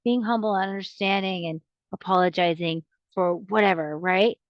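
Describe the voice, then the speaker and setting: A woman's voice: mid-range voice, moderate pace, no echo. A woman hosting a podcast, giving casual advice in an earnest, rambling way that often stops and restarts mid-sentence. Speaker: podcast host. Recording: dry, dull lo-fi recording.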